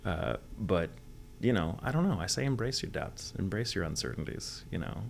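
A man's voice: sits low, expressive, moderate pace, gravelly, a little hiss or hum. A man from the United States, a voice actor guest, chatting candidly in a rambling interview and swearing freely. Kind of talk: casual interview chat.

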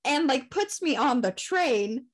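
A young woman co-hosting a podcast, telling a story in casual chat, animated, swearing and laughing often. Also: high voice, unhurried. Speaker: podcast co-host.

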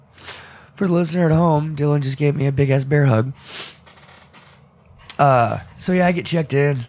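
A man on a podcast telling a deeply personal story in a halting, emotional way, often restarting his sentences and choking up. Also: a little mellow. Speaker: podcast co-host. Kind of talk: personal storytelling in casual talk.

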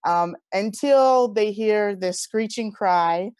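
A woman in her thirties speaks as an interview guest, earnest and heartfelt as she recounts her life. Her voice sits at an average pitch. The sound is dry and close, with no room around it. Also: takes it slowly, clear, resonant tone, no room sound. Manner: earnest, heartfelt, animated retelling. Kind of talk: personal storytelling in conversation.

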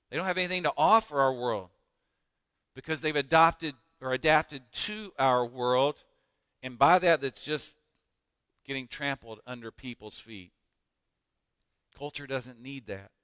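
A man preaching a sermon as pastor, emphatic, with dramatic pauses and rising emphasis. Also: mid-range voice, sharp tone, clean tone, no echo, studio quality, long reverb tail.

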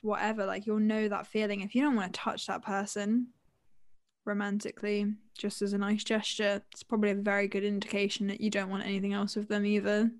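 A woman's voice: medium pitch, monotone, fairly quick, no room sound, clean studio sound. A young woman, co-hosting a podcast in casual chat, laughing often and talking in loose, filler-filled runs. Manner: giggly, chatty, many fillers. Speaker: podcast co-host.

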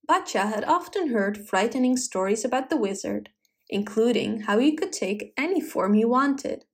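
A woman narrating a folk tale in an expressive, dramatic storybook style. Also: on the high side, moderate pace.

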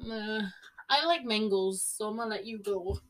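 A woman's voice: medium pitch, a crowd in the background, rough recording. A young woman co-hosting a podcast, chatting casually with emphatic reactions. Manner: slow, emphatic reactions and exclamations. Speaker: podcast co-host. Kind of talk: casual chat.

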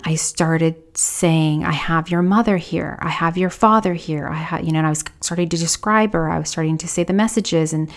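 A woman podcast host telling a personal story in a confessional way, often dropping to a hushed whisper when quoting people. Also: low-pitched.

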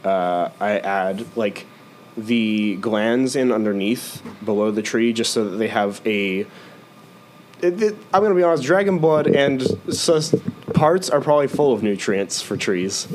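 A man's voice: lowish voice, animated, a little slow, a little mellow, a little hiss or hum. Rambling man playing a tabletop game. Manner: rambling, full of uh and like. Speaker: player.

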